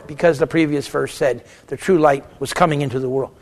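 A man lectures a theology class at a fairly quick clip, his voice noticeably high for a man. He argues both sides of a question out loud, throwing out rhetorical questions and answering them with short, snappy replies, and his delivery remains animated and emphatic throughout.

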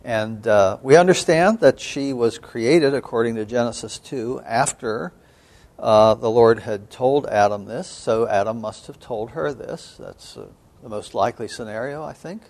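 A man lecturing as a seminary professor on scripture, measured and thoughtful, with frequent pauses and an occasional throat-clearing. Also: mid-range voice, a little mellow. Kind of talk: biblical studies lecture.

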